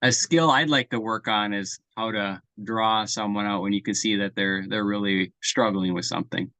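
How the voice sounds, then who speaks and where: Man, book club member, casual chat, thoughtful, measured, lowish pitch, dry video-call audio. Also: fairly even intonation, sharp tone, no echo.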